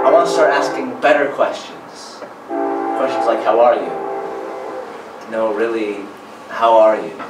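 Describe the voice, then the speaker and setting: A man reciting spoken word poetry in a rhythmic, emphatic way, heard from a distance in a performance hall. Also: medium pitch. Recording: echoey hall, distant mic.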